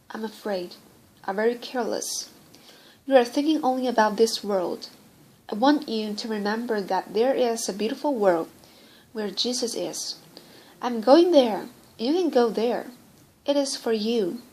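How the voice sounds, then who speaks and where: A woman reading the part of an earnest, gentle dying young girl in an audiobook, solemn and pleading. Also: fairly high pitch, close to an everyday voice, low-quality recording.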